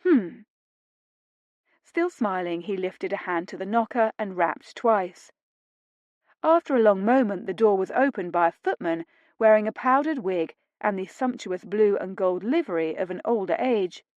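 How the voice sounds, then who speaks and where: A woman narrating a historical romance audiobook in a steady, measured way. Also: medium pitch, no echo, muffled recording. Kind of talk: scripted narration.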